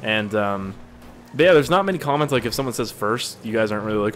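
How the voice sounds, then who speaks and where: A man's voice: lowish voice, expressive, quick pace, a little hiss or hum. A young man giving casual, profane commentary while playing a game. He rambles from topic to topic, sounds tired and is easily amused. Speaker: gaming video creator.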